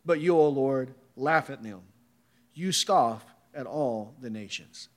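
A man's voice: mid-range voice, lively intonation, slow. A man preaching a sermon, reading scripture and asking emphatic rhetorical questions.

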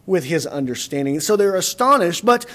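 A man's voice: high-pitched, big pitch swings, moderate pace, fairly bright tone. A man preaching a sermon in an earnest, explaining manner, often repeating words as he builds a point.

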